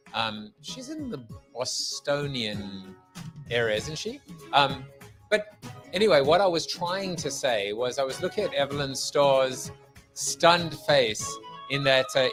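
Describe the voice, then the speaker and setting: A middle-aged man hosting a podcast, opening the show with a playful, rambling monologue full of jokes and wordplay. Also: on the high side. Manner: jokey, theatrical, riffing with wordplay. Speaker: podcast host.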